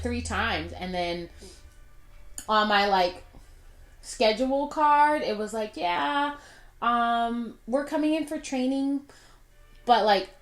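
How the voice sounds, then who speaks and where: A woman's voice: mid-range voice, fairly bright tone. A woman in her twenties telling a personal story in a chatty way, with lots of fillers, while doing her makeup. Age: 20s. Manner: chatty, many fillers, drawn-out asides. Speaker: vlogger. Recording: echoey room.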